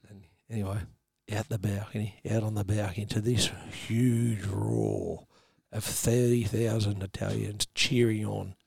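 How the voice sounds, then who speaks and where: Gravelly man telling a joke. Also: on the low side, a little slow, no echo. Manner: animated storyteller, laughs at own jokes.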